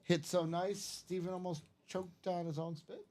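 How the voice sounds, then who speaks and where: A man's voice: high-pitched, level tone, moderate pace, darkish tone. A man hosting a live card break stream, chatting casually and reeling off player names in a jokey, upbeat way.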